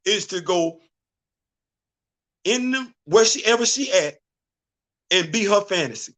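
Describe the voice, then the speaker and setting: A man hosts a casual livestream in a high voice. He repeats himself and restarts often, drifting into bits of old songs. He sounds middle-aged and talks in loose slang. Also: lively intonation, unhurried, a bit bright. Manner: repetitive, stammering restarts, sings snatches of songs. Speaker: host. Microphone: streaming setup.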